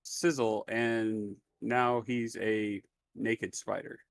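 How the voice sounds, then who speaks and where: A man's voice: lowish voice, little pitch movement, drawn-out words, vocal fry. A man running a tabletop game as game master, describing the scene in a laid-back, easygoing way with plenty of fillers.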